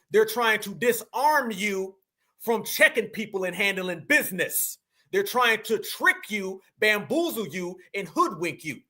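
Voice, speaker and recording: A man's voice: sits high, bright, forceful tone. A man hosting a live stream, giving emphatic, preaching commentary to his audience. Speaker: stream host.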